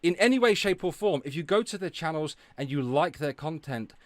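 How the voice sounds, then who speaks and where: On a live stream, a man with a highish, animated voice talks briskly, no echo in the sound. His chat is a sarcastic, swear-filled rant with loud outbursts, interrupted to thank donating viewers.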